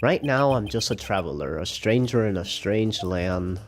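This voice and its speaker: A man voicing a calm adult male lawyer on a trip abroad, reading his lines in a dry, measured way. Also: on the low side, faint music behind, natural voice. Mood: wondering.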